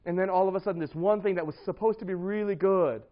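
A man's voice: sits high, fast, dull audio. A man preaching, telling a personal story with lots of fillers and bursts of laughter.

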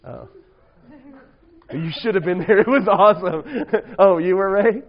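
A man's voice: high-pitched, expressive, slow, lo-fi sound. A man preaching to young people in a casual, joking way, often tossing in "right?" asides. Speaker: youth pastor.

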